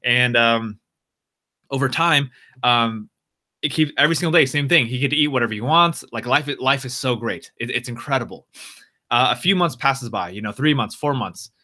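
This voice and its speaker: A man casually improvising a story on a live stream, halting and repeating words with frequent fillers. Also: medium pitch, bright, forceful tone.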